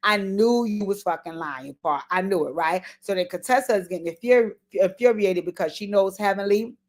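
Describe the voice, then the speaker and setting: A woman's voice: mid-range voice, brisk. A woman recapping reality TV in a loose, talky commentary. She is blunt and swears freely. She hammers her points with repeated words and speaks straight to the people she is discussing. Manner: animated, repeats words for emphasis. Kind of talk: casual commentary vlog.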